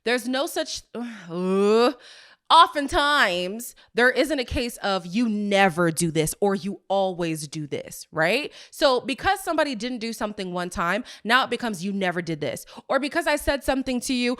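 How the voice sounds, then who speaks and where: On her podcast, a woman chats through a reality show recap in a sassy, lively way, tossing in exasperated asides. She speaks at normal speed with a voice on the high side.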